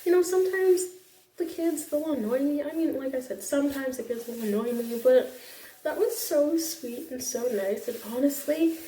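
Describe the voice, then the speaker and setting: A woman's voice: sits high, normal speed, warm tone. A young woman who teaches computer classes, chatting casually and gushing with frequent restarts. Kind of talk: casual vlog chat. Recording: echoey room, voice from a distance.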